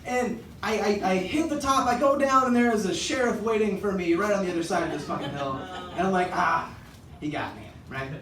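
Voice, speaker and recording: Stand-up guy with a high bouncy voice, self-deprecating rambling story, echoey theater, mic far away. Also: a little fast, hardly any pauses, a crowd in the background. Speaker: stand-up comedian. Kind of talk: stand-up routine. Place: theater stage.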